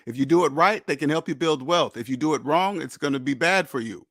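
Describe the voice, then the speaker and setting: Man, slightly high pitch, blunt, lecturing, repetitive, dry sound. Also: a little fast, fairly bright tone, no echo. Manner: blunt, lecturing, repeats points for emphasis. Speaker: host. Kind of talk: casual monologue.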